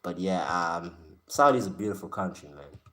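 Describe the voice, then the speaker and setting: A man's voice: sits low, expressive, normal speed, pushed and bright. A man from Africa, hosting a live stream and chatting casually with his viewers in a slangy, joking way. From South Africa. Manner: slangy, joking, talks straight to chat, often laughs. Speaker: live-stream host reacting with chat.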